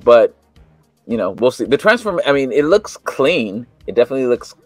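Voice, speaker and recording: A man's voice: medium pitch, very animated, normal speed, darkish tone, dry recording, faint music behind. A man co-hosting a casual toy talk show, laid-back and a bit hesitant, often restarting his sentences. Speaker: co-host of a toy news show. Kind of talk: casual chat.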